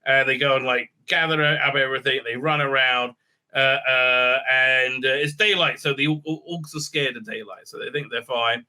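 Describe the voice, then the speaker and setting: A man's voice: medium pitch, steady tone, moderate pace, sharp tone. A man giving a casual, sarcastic episode recap and review, rambling with many filler words. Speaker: TV series reviewer.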